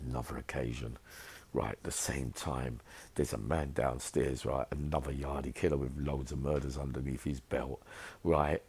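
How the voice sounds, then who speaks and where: A man's voice: rumbling low, little pitch movement, moderate pace, creaky, a little mellow, slightly rough. A middle-aged man, telling prison stories in a streetwise, rambling monologue. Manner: streetwise, rambling, asks "right?". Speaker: vlogger recounting prison life. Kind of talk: storytelling monologue.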